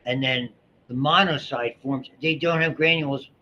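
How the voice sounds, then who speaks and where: A middle-aged man lectures a biology class in a chatty, rambling way, often restarting his sentences and wandering into asides. His voice sits at an ordinary pitch. The classroom recording sounds dull, with a faint hiss underneath. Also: steady tone, normal speed, sharp tone. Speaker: biology instructor.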